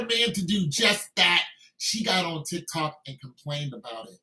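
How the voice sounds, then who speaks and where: A man's voice: fairly high pitch, big pitch swings, normal speed, bright, forceful tone. A man delivering an emphatic, repetitive, scolding rant as a video commentator. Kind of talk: ranting commentary. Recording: echoey room.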